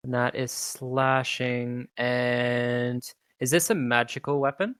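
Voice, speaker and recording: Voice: medium pitch, fairly even intonation, takes it slowly, a bit bright, clean tone, no room sound. A game master narrating a tabletop game in a laid-back, hesitant way with many ums.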